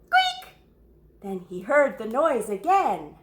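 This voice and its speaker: A woman reads a story aloud to children, stopping to ask her young listeners questions and gasping or whispering for effect. Her voice is a little high and a bit bright, and her delivery is very animated.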